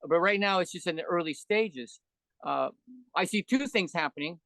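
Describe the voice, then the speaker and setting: A man's voice: high-pitched, lively intonation, moderate pace, vocal fry, sharp tone, dry recording. A man in his seventies, a veteran animator guest, rambling through stories in a casual interview chat. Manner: rambling storyteller who acts out quoted voices.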